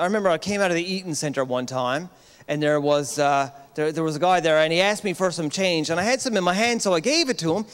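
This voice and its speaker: A man's voice: high-pitched, lively intonation, brisk. A man with a Newfoundland accent doing a chatty stand-up monologue as host of a live awards show, tagging lines with "right?". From Newfoundland, Canada. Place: large armoury hall at a live event. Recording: live hall reverb.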